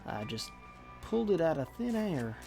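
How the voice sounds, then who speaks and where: A woman's voice: low-pitched, sing-song, normal speed, gravelly, mellow, soft background music. A woman streaming a game live, talking to the characters in a made-up drawling accent with folksy slang, impatient and swearing. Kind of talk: live gameplay commentary.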